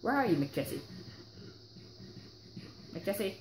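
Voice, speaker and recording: A woman's voice: medium pitch, very animated, takes it slowly, noisy background. A young woman hosting casual gameplay commentary, chatty and rambling with lots of fillers, her throat a little sore. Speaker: gaming channel host. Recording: roomy echo with background music.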